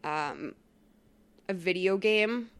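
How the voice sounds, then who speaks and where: A woman's voice: lowish voice, animated, drawn-out words, fairly bright tone, clear, resonant tone. A woman hosting a podcast in casual chat, rambling, full of "like" and casual swearing. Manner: rambling, says "like" constantly, swears freely. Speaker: podcast host.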